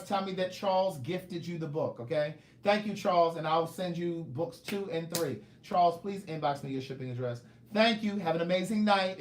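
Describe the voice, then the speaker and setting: A man's voice: high-pitched, echoey room. A man hosting a casual livestream, reading viewer comments and playfully calling viewers "niece". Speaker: livestream host and author selling his books.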